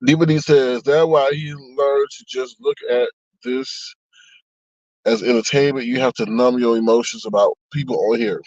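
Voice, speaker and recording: A man's voice: mid-range voice, fairly even intonation, moderate pace, darkish tone, no echo, lo-fi sound. A man in casual chat on a live stream, reading viewer comments aloud and talking back to them. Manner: chatty, reads comments aloud, frequent laughs and asides.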